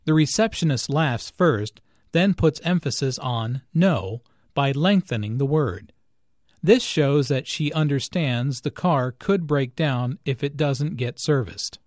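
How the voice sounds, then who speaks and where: A man reading a scripted English lesson, explaining grammar slowly and clearly. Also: mid-range voice, lively intonation, a little mellow, no room sound, studio quality. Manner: slow, clear, carefully enunciated. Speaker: English teacher. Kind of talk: scripted language lesson with dialogues.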